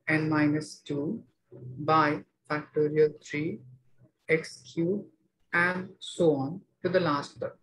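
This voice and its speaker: A man teaching a maths class, explaining each step slowly and checking that students follow. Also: a little high, poor audio. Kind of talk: online maths lecture.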